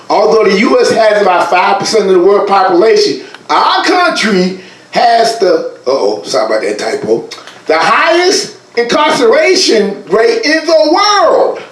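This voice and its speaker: Guy teaching a bible lesson, high voice that swoops all over, echoey room, kinda far from the mic. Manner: emphatic, colloquial, addresses listeners directly. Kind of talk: conversational teaching from slides.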